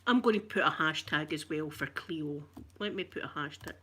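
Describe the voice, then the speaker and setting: A woman's voice: deep voice, moderate pace, sharp tone, husky. A middle-aged Scottish woman chatting to her live-stream viewers, bawdy, flirtatious and full of stories. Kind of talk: casual live-stream chat.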